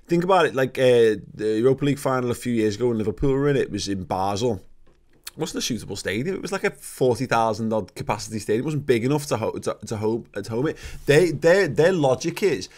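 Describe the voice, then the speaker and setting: Man, 30s, casual podcast co-host, rants and swears, stumbles and restarts, mid-pitched. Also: animated, quick pace, darkish tone. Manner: ranting, swearing, many restarts. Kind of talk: casual chat.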